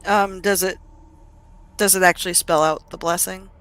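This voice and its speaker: A woman playing a tabletop game, chatting casually and asking quick questions. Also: fairly low pitch, fairly even intonation, a bit bright. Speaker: player. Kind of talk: casual play chat.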